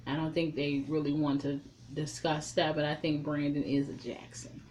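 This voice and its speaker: A woman's voice: deep voice, normal speed, a little hiss or hum. Blunt, profane woman recapping a film. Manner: profane, blunt, animated storytelling. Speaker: reviewer. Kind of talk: casual recap and commentary.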